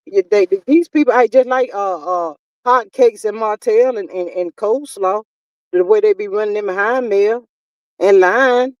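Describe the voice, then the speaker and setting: A woman's voice: mid-range voice, darkish tone, no echo, highs cut off. Exasperated woman streamer, dry and distant. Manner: exasperated, talkative, drawn-out exclamations. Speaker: YouTube commentary host. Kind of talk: casual live-stream commentary.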